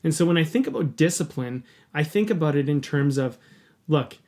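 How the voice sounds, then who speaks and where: An earnest man with a slightly higher voice tells a personal story on a podcast. He talks openly and casually, with the odd swear word. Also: expressive, normal speed, darkish tone. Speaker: podcast host.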